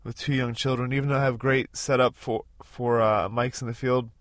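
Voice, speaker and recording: This thirtysomething podcast host has a mid-range voice with little pitch movement and a moderate pace, captured in clean studio sound with no room sound. His casual road-trip podcast rambles, full of fillers and restarts.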